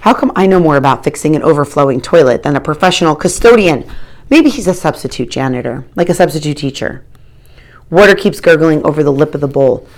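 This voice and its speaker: A woman narrates a first-person story as an audiobook. Her voice sits a little low, and she reads with wry, expressive timing.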